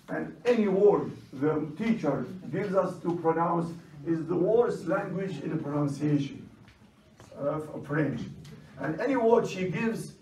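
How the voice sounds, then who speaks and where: A man whose first language is Chaldean Aramaic gives a classroom lecture in a brisk, commanding manner, repeating his instructions. His voice sits fairly high. The recording is roomy and distant, capturing him in an echoing classroom with faint background noise.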